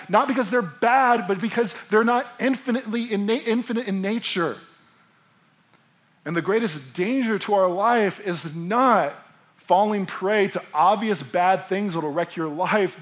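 A man in his thirties preaches with animated energy. His voice sits a little high for a man, and he slips into character voices as he tells a story. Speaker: pastor. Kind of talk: sermon.

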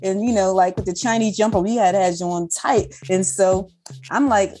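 A woman telling a childhood story in casual chat as a podcast co-host, acting out quotes in a high voice. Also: moderate pace, darkish tone.

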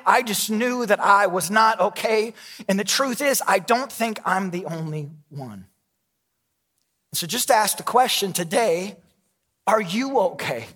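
Pastor guy in his 30s preaching, high bright voice, candid and self-mocking, big echoey hall. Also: normal speed. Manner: candid self-deprecating storytelling. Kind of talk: sermon.

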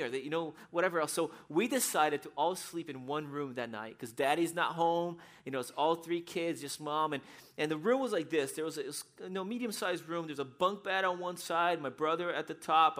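A man who grew up in Brazil, preaching a sermon and telling a personal story in a lively, animated way. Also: on the high side. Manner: animated storyteller, acts out scenes with shouts. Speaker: pastor.

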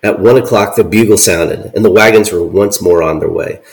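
A man co-hosting a podcast, reading an old account aloud with deadpan asides. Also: low-pitched, moderate pace, creaky, slight background noise, rough recording. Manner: deadpan, reads quotes with dry asides. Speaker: podcast co-host.

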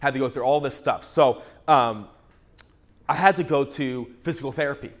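A male pastor preaching a sermon through a humorous, animated personal story, often restarting his words. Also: mid-range voice, normal speed.

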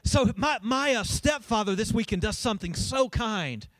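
A man's voice: high voice, expressive, moderate pace, fairly bright tone, dry recording. A male pastor, preaching a sermon in a playful storytelling way and calling out to his congregation. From Kentucky.

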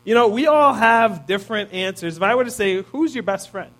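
A man's voice: high-pitched, lively intonation, a little fast, fairly bright tone. A man in his thirties giving a conversational sermon, often checking in with listeners by asking "right?". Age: 30s. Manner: casual, peppers points with "right?". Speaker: preacher.

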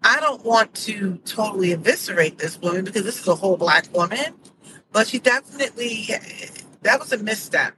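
A woman's voice: mid-range voice, expressive, brisk. Middle-aged woman host, emphatic opinion monologue, audible hiss underneath the voice. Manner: indignant, emphatic storytelling. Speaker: podcast host. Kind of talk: casual commentary monologue. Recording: noticeable background noise.

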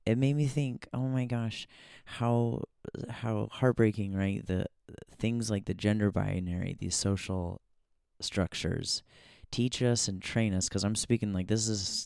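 A man's voice: fairly low pitch, fairly even intonation, unhurried, gravelly, darkish tone, no echo, studio quality. A man hosting a podcast in a casual, reflective monologue, musing aloud with many fillers and frequent laughs. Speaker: podcast host.

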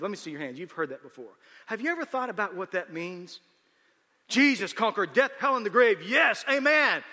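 A man's voice: sits high, bright, forceful tone. Guy preaching a sermon in a church hall, retells the story then works up to big emphatic points, ringy reverb. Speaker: pastor.

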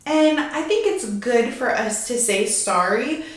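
A woman's voice: on the high side, big pitch swings, takes it slowly, very echoey. A young woman hosting her lifestyle podcast in a chatty, bubbly way, a little out of breath and laughing often. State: a bit out of breath. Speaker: podcast host. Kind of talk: casual podcast chat.

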